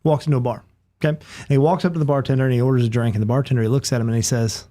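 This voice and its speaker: A man, a podcast guest, telling a long joke in a playful, animated way. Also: medium pitch, racing.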